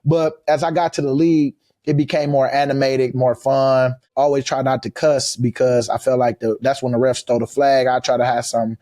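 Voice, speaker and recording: A man in his thirties chatting casually as a podcast guest, loose and drawling, breaking into high loud laughs. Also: flat delivery, moderate pace, few pauses, no room sound, clean studio sound. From United States. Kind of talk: casual chat.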